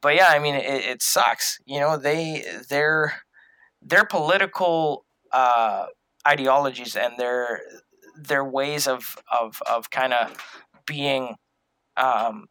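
A man in a relaxed conversation, his voice bright and a little forceful. He rambles, circling back with fillers and restarts. The recording is dry and close. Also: medium pitch, takes it slowly, dry recording, rough recording. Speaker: podcast co-host. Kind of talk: casual fan discussion.

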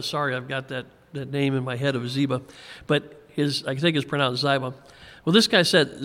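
A man teaching a Bible passage verse by verse, in a relaxed conversational way with frequent chuckles and small restarts. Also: a little high, fairly quick. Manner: conversational, chuckles often, repeats words when restarting. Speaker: pastor. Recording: long hall reverb.

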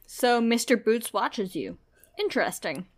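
Woman co-host, unhurried, wry reactive sidekick. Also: a little high, big pitch swings, slight background noise. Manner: short reactions, wry jokes. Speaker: podcast co-host. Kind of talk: casual chat, reacting.

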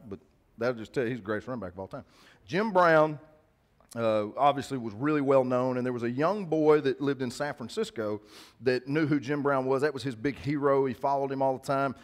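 Man preaching a casual sermon. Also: medium pitch. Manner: conversational preaching with call-outs to the congregation. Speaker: pastor. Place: church.

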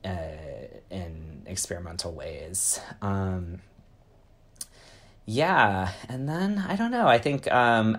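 An author being interviewed, speaking in a hesitant way with many pauses and fillers. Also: low-pitched. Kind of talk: casual interview.

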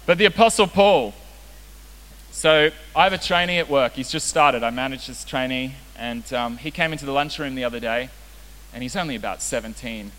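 A man's voice: medium pitch, normal speed, a bit bright. A young man preaching a casual, joking sermon as a youth pastor. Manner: casual, joking, self-deprecating. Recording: reverberant hall with faint hiss.

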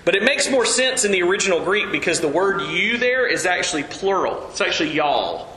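Man, pastor, sermon, high bright voice, echoey room, faint ambience. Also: brisk, a little hiss or hum. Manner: earnest, animated preaching.

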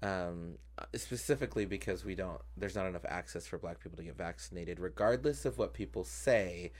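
A man with a very low, deep voice hosts a casual podcast chat. He talks freely with lots of "um"s and laughs often as he goes. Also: a little fast, darkish tone. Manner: chatty, many fillers, laughs often. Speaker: podcast host and drag performer.

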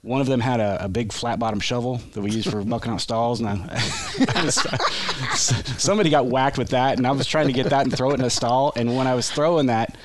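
Speaking fairly quickly in a mid-range voice, a veteran guest on a podcast rambles through a long army story. He keeps interrupting himself, restarting casually, and laughing frequently.

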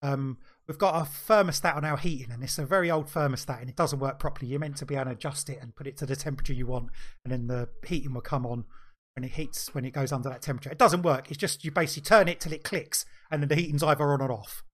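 A man's voice: medium pitch, fast talker. A middle-aged man co-hosting a podcast, telling an anecdote in casual chat and acting out the voices in it. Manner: animated storyteller, acts out quoted dialogue. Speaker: podcast co-host.

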